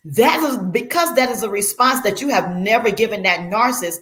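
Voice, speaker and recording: A woman's voice: medium pitch, lively intonation, normal speed, few pauses, a bit bright. Casual woman vlogger; conversational, rambling delivery with fillers and restarts. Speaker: Christian vlogger. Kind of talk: casual explanatory vlog.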